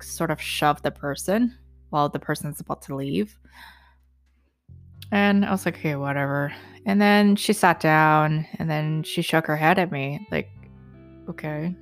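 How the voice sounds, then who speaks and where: A young woman telling an angry story about an incident, casual and profane, with many fillers. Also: fairly low pitch. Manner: indignant, profane, lots of fillers. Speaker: vlogger recounting an incident.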